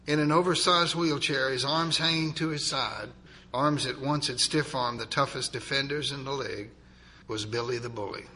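A man narrating a dramatic story, swinging from loud, urgent passages to hushed ones. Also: medium pitch, moderate pace.

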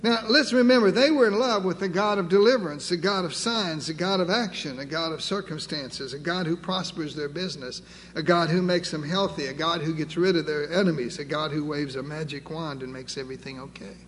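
Guy preaching a sermon, high voice, lots of repeating for emphasis, faint hiss. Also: fairly quick, fairly bright tone. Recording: long reverb, faint background noise.

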